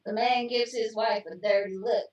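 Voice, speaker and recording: A woman's voice: fairly high pitch, fairly even intonation, moderate pace, darkish tone, lo-fi sound. A woman co-hosting a casual show, reading jokes aloud and then explaining them with teasing remarks. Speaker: co-host. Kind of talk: casual joke-telling chat. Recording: echoey room, far from mic.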